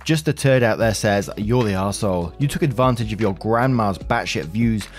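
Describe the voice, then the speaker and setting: A man's voice: on the low side, moderate pace. Man reading forum posts aloud, faint music. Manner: blunt, opinionated. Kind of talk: casual reading and commentary.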